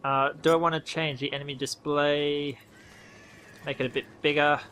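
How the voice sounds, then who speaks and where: Bright-voiced Australian man, offhand commentary. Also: fairly high pitch, little pitch movement, normal speed, a little hiss or hum. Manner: rambling, self-correcting, offhand. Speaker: gaming video host. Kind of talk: casual game-update commentary.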